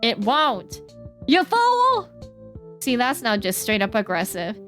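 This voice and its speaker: A young woman with a mid-range, slightly bright voice speaks at a moderate pace while chatting casually with her stream chat. She is earnest but breaks into playful silly noises. Faint music sits behind her voice.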